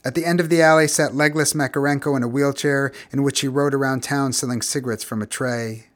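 Measured male audiobook narrator. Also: mid-range voice. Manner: measured, expressive, grows quiet and somber. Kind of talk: scripted literary narration.

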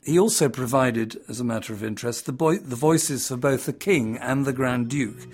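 Male presenter, casual and chatty, mid-range pitch, faint music underneath. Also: moderate pace, a little mellow. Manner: chatty, with fillers. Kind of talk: casual spoken talk.

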